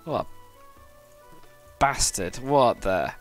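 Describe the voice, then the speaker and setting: British man, live streamer, casual rambling chat, mid pitch, faint music behind. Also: animated, slow. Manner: rambling, swears, chats with viewers. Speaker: livestreamer.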